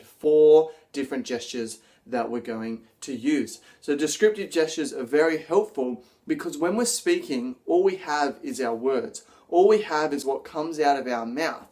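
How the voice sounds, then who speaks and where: A man presenting an instructional video on public speaking, energetic and acting out example lines as he explains. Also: mid-range voice.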